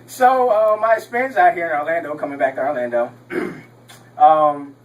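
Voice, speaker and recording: A man's voice: on the high side, moderate pace, distant mic, low-quality recording. Young man rambling through a stand-up set. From Texas. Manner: rambling, laughs at his own jokes, many ums. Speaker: stand-up comedian. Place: comedy club stage with audience.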